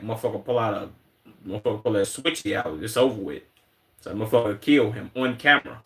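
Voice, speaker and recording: A profane Chicago streamer in his twenties reacts to videos in casual livestream commentary, animated and acting out quotes in put-on voices. His voice is on the low side and a little fast, with a roomy echo around it.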